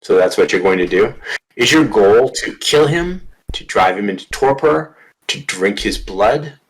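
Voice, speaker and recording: A man's voice: lowish voice, animated, a little slow, poor audio. A man running a tabletop horror game, narrating scenes vividly and checking rules with players. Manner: vivid, dramatic narration mixed with rules talk. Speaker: game master.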